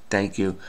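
A man's voice: lowish voice, clean tone. A middle-aged man solving a crossword aloud in a casual, self-muttering way, with many fillers and trailing off. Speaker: crossword solving video host.

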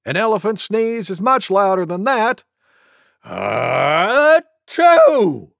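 A man voicing a small, fussy male porcupine in a storybook reading, talking higher than his own voice and acting out a sneeze. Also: normal speed, fairly bright tone, dry recording, studio quality. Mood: insistent. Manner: insistent, mimics a sneeze.

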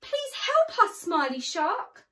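A crowd of tiny storybook fish crying out together in squeaky, shrill voices, played by a woman. They shout loud and high, swooping wildly in pitch. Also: sing-song, slow pace, heavily acted. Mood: panicked. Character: crowd of small frightened fish.

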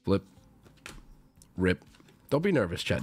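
A man streaming casually and answering his chat, excitable, swearing freely and jumping into loud outbursts. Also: mid-range voice, normal speed. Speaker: streamer opening card packs.

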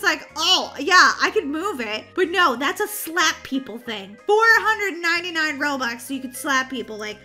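A woman chatting casually over gameplay, bubbly, excitable and easily exasperated. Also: sits high, normal speed, faint music behind. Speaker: gaming channel host.

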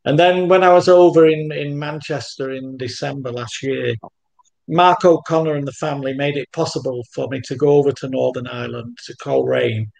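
A man's voice: mid-range voice, steady tone, a little fast, gravelly, darkish tone. A man who writes about football history, recalling a meeting as a guest, with hesitant, repeated words. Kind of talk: guest reminiscence.

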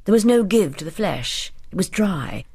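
Expressive woman reading a bedtime story. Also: medium pitch, moderate pace, vocal fry, slightly rough. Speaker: audiobook narrator.

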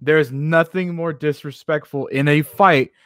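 A man's voice: on the high side, fairly even intonation, moderate pace, clear, resonant tone, dry recording, studio quality. A man co-hosting a sports talk radio show, telling a funny story through laughter. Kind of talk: casual show banter.

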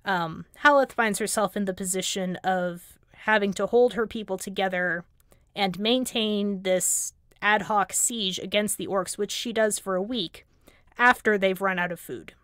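A woman retells fantasy lore on a casual livestream, animated and wry as she goes. Her voice sits at an ordinary middle pitch. The sound is dry and close, with little room around it. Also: a little slow, no echo. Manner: animated storytelling, wry asides. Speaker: guest lore commentator.

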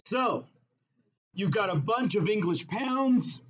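A man's voice: high voice, a little slow. A man teaching a chemistry class, telling a playful story and quizzing students, in a dull lo-fi recording. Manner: animated, jokey, asks the class questions.

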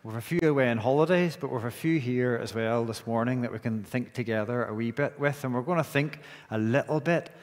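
A man's voice: medium pitch, a little fast, hardly any pauses. A man with a Northern Irish accent leading prayer and talking to children in a church service. He often restarts phrases by repeating their opening words. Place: church sanctuary. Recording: long church reverb.

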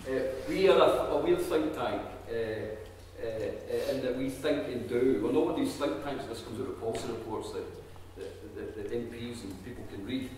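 A Scottish man gives a chatty, self-deprecating talk and slips in quick jokes. He sounds a bit tired. He is picked up from far off in a big hall with a long, echoing reverb. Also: medium pitch, a little mellow, a little hiss or hum. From Scottish Highlands. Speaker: think tank chief executive speaker. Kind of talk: public talk at a community event. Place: large echoey hall. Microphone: distant room mic. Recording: echoey hall, speaker far from mic.

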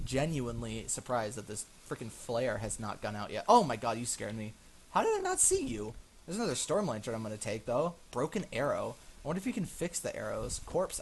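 A man's voice: mid-range voice, slight background noise. A man narrating a survival game as he plays, easily frightened, gasping and exclaiming while he chats to his viewers. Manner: chatty, talking to viewers as he plays. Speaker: gaming channel host. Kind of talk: let's-play commentary.

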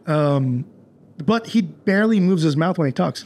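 Male podcast host, slightly high pitch, rambling casual chat, lots of restarts. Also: expressive, normal speed, a little mellow. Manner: loose, rambling, many fillers and restarts.

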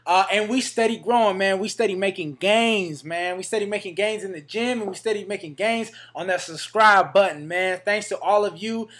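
A man's voice: high voice, normal speed, few pauses, fairly bright tone. A man vlogging to his fans, hyped and slangy, with a Northern California accent, tossing "man" and "baby" into every line. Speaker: fitness vlogger. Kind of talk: casual vlog to camera.

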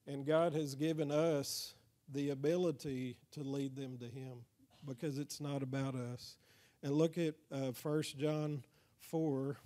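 A man's voice: mid-range voice, warm tone. A man with a Texas accent giving an evangelism training talk in a church, speaking conversationally and often asking the crowd "amen?". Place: church hall.

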